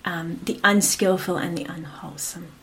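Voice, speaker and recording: Woman meditation teacher, lowish voice, gentle dharma talk that trails into whispers. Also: fairly even intonation, slight background noise. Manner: gentle and unhurried, often fading to a whisper; frequent affirming "yeah" between phrases.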